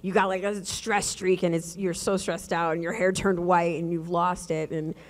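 A woman's voice: lowish voice, level tone, normal speed. A woman guest on a live stage talk show, chatting casually with lots of filler words. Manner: chatty, many "like"s.

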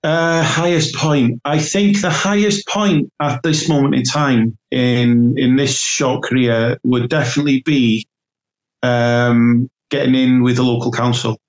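Chatty man telling stories, average pitch. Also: steady tone, measured pace, low-quality recording. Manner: chatty, warm storytelling with many fillers and restarts. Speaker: self-employed painter and decorator guest. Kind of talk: casual podcast chat.

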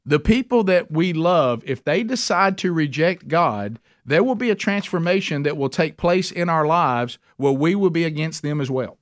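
A man's voice: fairly high pitch, lively intonation, moderate pace, few pauses, no room sound, clean studio sound. Earnest man teaching scripture. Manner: earnest and emphatic, with folksy plain talk. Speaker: Bible study teacher. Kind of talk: conversational sermon teaching.

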